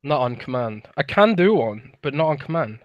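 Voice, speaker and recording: A British man in his thirties talking casually on a podcast, at an ordinary middle pitch. He thinks aloud with frequent restarts, and his voice sounds dry and close to the mic. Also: sing-song, moderate pace, dry recording, dull audio. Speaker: podcast co-host.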